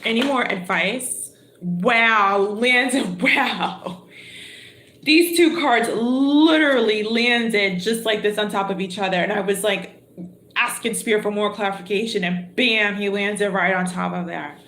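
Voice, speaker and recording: A woman's voice: medium pitch, unhurried, fairly bright tone, reverberant. A woman giving a live tarot reading, chatty and exclamatory, thinking aloud as she draws cards. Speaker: tarot reader.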